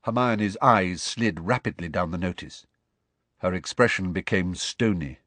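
A man's voice: low voice, unhurried, no room sound. A man narrating a storybook expressively as an audiobook reader. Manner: expressive storytelling that shifts voice for each character. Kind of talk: scripted narration.

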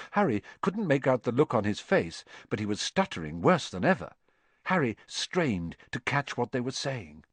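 A man reading a story aloud as an audiobook narrator, with expressive storytelling. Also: on the low side, dry recording. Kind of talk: scripted narration.

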